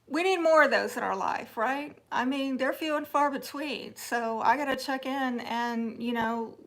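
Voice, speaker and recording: A Texas woman with a Southern accent hosts a casual live chat and reads her viewers' comments aloud. Her voice is bright and fairly high, and she takes her time. She teases and jokes with an easy laugh. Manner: chatty and teasing, laughs often, drops to soft asides. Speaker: livestream host reading viewer chat.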